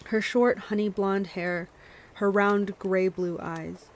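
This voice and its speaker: A woman's voice: medium pitch, steady tone, slow, poor audio. A woman hosting a book club stream, reading a novel aloud with small stumbles and self-corrections, and chatting to her viewers between passages.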